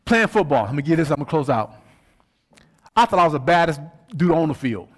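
A middle-aged man preaching a sermon, his voice sitting high and leaping around in pitch. He tells his story with rhetorical questions and plenty of animation. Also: very animated, a little fast. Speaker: pastor.

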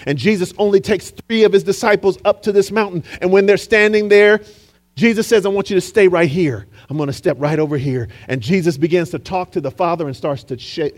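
A man preaching a sermon as pastor, telling a story in a dramatic way and calling on the congregation for responses. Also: high-pitched. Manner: dramatic storytelling, acting out quotes.

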